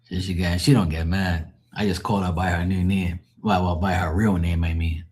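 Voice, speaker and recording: A man's voice: low voice, a little mellow. A man doing casual chat with his live viewers as a tarot reader, rambling and loose, swearing and laughing often.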